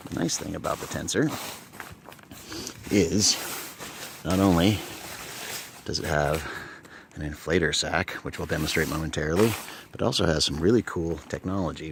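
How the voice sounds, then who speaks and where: A man's voice: deep voice, creaky, slight background noise. A man casually demonstrating camping gear inside a small tent, chatty and folksy, recorded on a handheld phone. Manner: chatty, folksy, thinking aloud. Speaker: outdoor gear reviewer. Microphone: phone held in hand.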